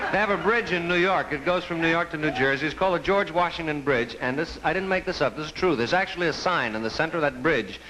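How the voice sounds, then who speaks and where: A male stand-up comedian telling deadpan stories, heard on an old TV broadcast. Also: on the high side, heavy background noise. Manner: deadpan storytelling, acts out sign voices. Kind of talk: stand-up routine.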